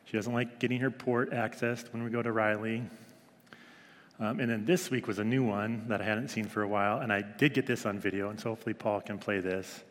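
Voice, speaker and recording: A man's voice: lowish voice, steady tone, fairly quick. A man in his thirties giving a casual devotional talk to a small group, chatty and full of fillers. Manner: chatty, many fillers, mimics his toddler's voice. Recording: long hall reverb.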